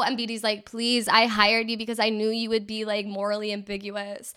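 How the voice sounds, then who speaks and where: A woman co-hosting a podcast, chatting in a giggly, upbeat way and reacting quickly. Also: a little high, fairly even intonation, sharp tone, clean tone. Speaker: podcast co-host. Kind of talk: casual chat.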